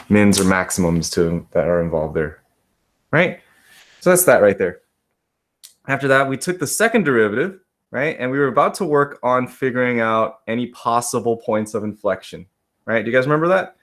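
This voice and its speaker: A male math teacher talks his class through a problem in a relaxed way. He keeps checking in with "right?", says his students' names and jokes a little at his own expense. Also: lowish voice. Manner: casual, checks in often with "right?"; talks to students by name, self-deprecating asides. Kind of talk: live classroom lesson.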